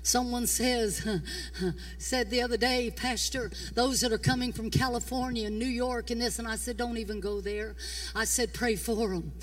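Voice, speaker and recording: An older woman pastor, preaching a fiery sermon. She swings between shouting and hushed tones in a folksy way. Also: a little high, fairly even intonation, normal speed, recorded from a distance. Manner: folksy, repeats "come on". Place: church.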